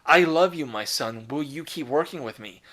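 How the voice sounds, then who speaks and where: A man's voice: on the high side, animated, moderate pace. A man voicing a tender, proud demigod father. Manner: warm, tender, reassuring. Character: proud loving fatherly male demigod commander.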